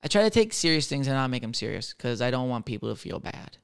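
Speaking fast with big swings in pitch, this man's medium voice sounds both gravelly and smooth. He's in his thirties, a server and solo podcaster working through question cards, telling stories with crude sarcasm and plenty of self-mockery.

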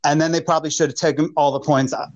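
Host guy with a slightly high voice, steady, lots of ums, talking football. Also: muffled recording. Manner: measured, hesitant, many fillers. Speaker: sports talk show host. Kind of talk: hosting a sports discussion.

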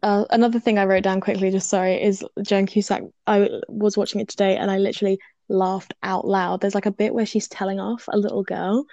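A woman co-hosting a podcast in casual chat, gushing with lots of "like"s and a creaky voice. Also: mid-range voice, little pitch movement, brisk, warm tone, dry recording, dull audio. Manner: gushing, full of "like"s. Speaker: podcast co-host.

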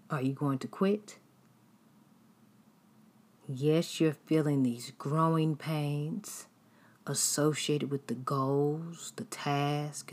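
A woman with a low, breathy-edged voice delivers an earnest devotional sermon, exhorting her listeners and often dropping into hushed, whispered phrases.

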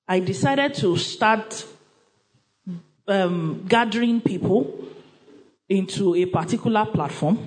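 A woman with a Nigerian accent presents a book review at church, speaking conversationally and emphatically, often repeating herself and voicing small quoted asides. Her medium-pitched voice has a darkish tone, and the audio is poor.

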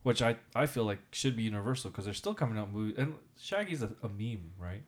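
A man co-hosting a casual podcast, a teacher who tells animated stories, acts out quotes and talks with many fillers. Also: lowish voice, fast talker. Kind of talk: casual chat.

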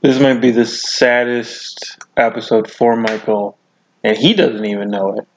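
A man's voice: medium pitch, unhurried, muffled recording, slight background noise. A man co-hosting a casual podcast, recapping a TV episode, rambling and restarting his sentences with frequent laughs. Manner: rambling, self-interrupting, laughs often. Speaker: podcast co-host.

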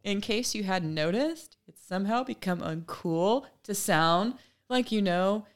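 A woman co-hosts a casual podcast, agreeable and quick to back her partner with short affirmations. Her voice is smooth and clear at a middle pitch. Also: expressive. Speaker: podcast co-host.

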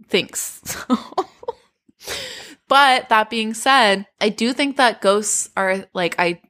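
Slow-talking woman co-host. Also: mid-range voice, a bit bright. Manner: laughs often, hesitant restarts when thinking aloud. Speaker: podcast co-host. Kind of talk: casual chat.

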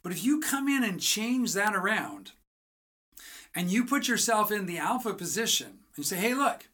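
A writing coach teaches with motivational energy, using a bright, forceful voice of medium pitch at a moderate pace. The coach throws rhetorical questions at the listener and acts out little conversations.

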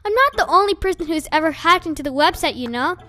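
A woman's voice: extremely high pitch, expressive, fast talker, sharp tone, soft background music, heavily acted. A woman reading an audiobook, voicing an earnest teenage boy defending himself to his friend. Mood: pleading. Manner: pleading, earnest.

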